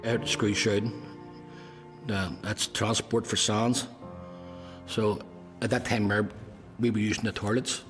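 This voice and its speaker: A man, a former prisoner, recalling events bluntly in halting speech that goes soft at emotional moments. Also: on the low side, level tone. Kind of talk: recollection in interview. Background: clear music.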